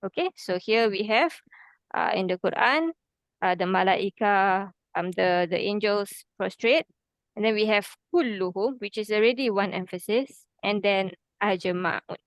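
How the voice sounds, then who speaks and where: A woman's voice: mid-range voice, no room sound. A woman, teaching an Arabic grammar class patiently, step by step, with frequent "okay"s. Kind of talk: online class explanation.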